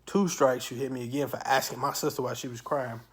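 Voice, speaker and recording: A man in the middle of his voice range tells a storytime monologue. His delivery is profane and animated, with sudden loud outbursts. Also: mid-range voice, fast talker. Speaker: channel host.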